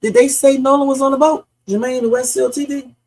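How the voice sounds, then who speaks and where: A woman hosts a live reaction stream with a gravelly edge to her voice. She fires question after question at her chat, heated and blunt, and curses without holding back. The tone stays husky throughout. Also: high-pitched, fairly even intonation, fairly quick, darkish tone. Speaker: livestream host.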